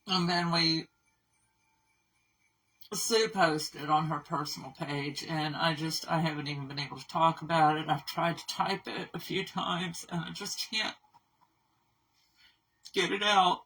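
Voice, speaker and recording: A woman who runs an animal rescue, talking candidly in a casual vlog update, rambling and halting with fillers. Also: deep voice, steady tone, a bit bright, husky. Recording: voice somewhat far from mic.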